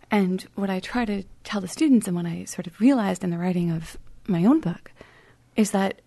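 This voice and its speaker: Female author guest, reflective storyteller, warm low tone. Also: creaky, dry recording. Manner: thoughtful, storytelling, drops to soft near-whisper at grim points. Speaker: author and writing teacher. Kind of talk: interview guest explaining.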